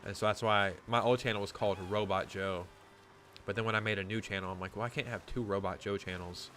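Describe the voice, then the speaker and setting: Bright-voiced man, rambling casual story. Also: on the low side, steady tone, fast, a little hiss or hum. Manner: rambling, profane, lots of "like". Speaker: gaming YouTuber.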